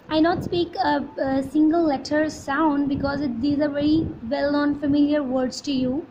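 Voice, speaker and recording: A woman teacher, reading a children's poem aloud in a slow, sing-song way with puffing sounds, and explaining words to her students. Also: sits high, fairly even intonation, warm tone, a little hiss or hum, low-quality recording. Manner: addresses students as beta.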